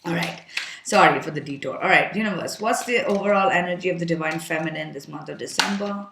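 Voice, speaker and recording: A woman with a fairly low voice talks through a tarot reading in a loose, frank, chatty way, thinking aloud as she goes. Her voice carries a noticeable roomy echo. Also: fast, vocal fry, noisy background. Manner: chatty and frank, thinking aloud, with filler words and the odd curse. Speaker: tarot card reader. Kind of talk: casual tarot reading to camera.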